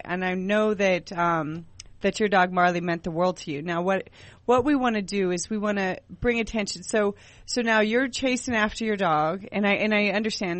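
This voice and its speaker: A woman hosting a call-in talk radio show, speaking gently, with many halting restarts. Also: medium pitch, no echo. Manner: gentle, repetitive, halting phrasing.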